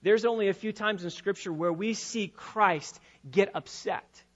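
A male pastor preaching a sermon, dropping to quiet, quick asides and rising to loud, drawn-out emphasis. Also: high voice, muffled recording.

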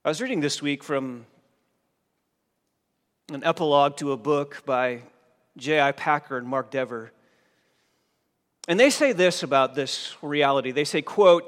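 A man's voice: fairly high pitch, a little slow, long pauses, a bit bright. A male pastor preaching a sermon in a church, pressing his listeners with emphatic questions. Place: church sanctuary. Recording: long reverb of a church hall.

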